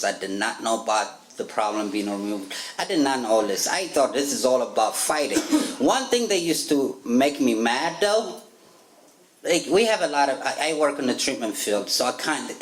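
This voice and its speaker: At a recovery meeting held in a meeting room, a man from Africa tells his personal testimony in an African accent. He sounds animated, with a medium pitch and moderate pace, often laughing and performing quotes; the room is echoey with faint ambience.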